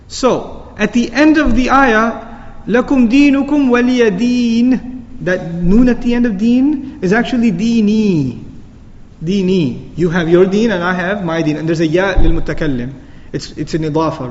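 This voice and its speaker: A man teaching a Quran lecture, explaining Arabic words and reciting verses, recorded lo-fi in a reverberant hall. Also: high-pitched.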